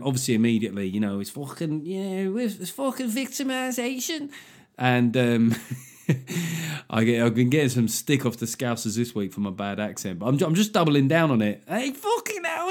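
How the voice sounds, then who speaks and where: Male comic host, 40s, loose sweary podcast riffing, medium pitch. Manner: animated, sweary, self-mocking riffing. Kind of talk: casual comedy podcast monologue.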